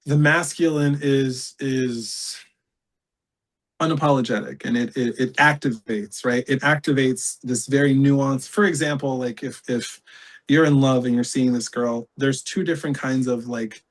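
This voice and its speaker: A man in his thirties chatting as a podcast guest. He rambles, swears and stacks fillers in an animated run. His pitch sits in an ordinary middle range. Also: a little slow. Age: 30s. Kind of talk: casual chat.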